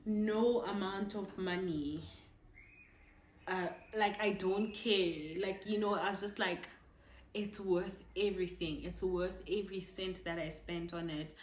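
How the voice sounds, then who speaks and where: A woman's voice: medium pitch, echoey room, slight background noise. A woman chatting in a casual personal vlog, emotional and full of fillers and restarts. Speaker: vlogger.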